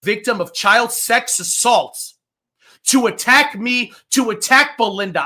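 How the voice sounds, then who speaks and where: A woman's voice: fairly high pitch, measured pace, pushed and bright. A woman co-hosting a livestream, ranting angrily with heavy swearing and emphatic repetition. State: angry and fired up. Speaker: streamer co-host. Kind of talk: heated livestream rant.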